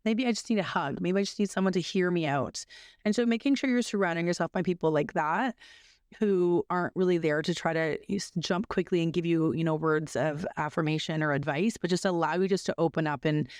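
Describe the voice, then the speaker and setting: A woman in her thirties, guesting on a podcast, tells a personal story in a fairly low voice at a slightly fast pace, recorded in clean studio sound with no echo. She's earnest and restarts often, growing lively whenever she quotes other people.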